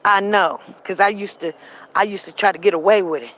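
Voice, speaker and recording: A woman vlogging on an outdoor walk, telling stories in a chatty, animated way and talking straight to her viewers. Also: medium pitch, fairly quick, rough recording. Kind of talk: casual storytelling to viewers.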